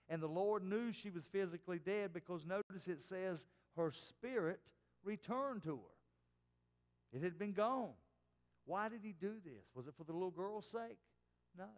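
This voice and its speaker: A man preaching a sermon as pastor, dropping to soft, hushed tones for quoted words. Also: high-pitched, long reverb tail. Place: church sanctuary.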